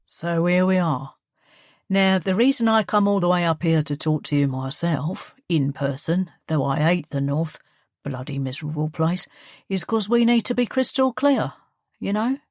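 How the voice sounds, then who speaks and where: A man's voice: high voice, normal speed, dry recording, clean studio sound. A woman voicing a young, charming male crime boss with a Cockney accent, breezy and falsely friendly. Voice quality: breezy, matey.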